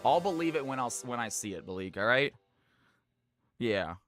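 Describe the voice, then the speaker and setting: A man's voice: medium pitch, expressive, moderate pace, fairly bright tone, no echo, faint music behind. A man from California hosting a live game stream, commentating picks and greeting viewers by name in an upbeat way. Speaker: streamer casting viewer games.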